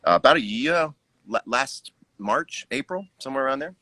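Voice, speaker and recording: A man's voice: medium pitch, expressive, moderate pace, sharp tone, slightly rough, no echo. A man, a musician guest, chatting casually on a live stream and musing aloud, acting out his own inner remarks. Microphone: video call.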